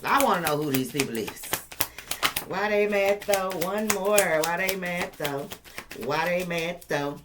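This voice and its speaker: A woman's voice: on the low side, measured pace, heavy background noise. A woman doing a casual tarot reading for her viewers, emphatic and profane, repeating lines for effect and laughing now and then. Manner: emphatic, repetitive, profane and playful. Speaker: tarot reader.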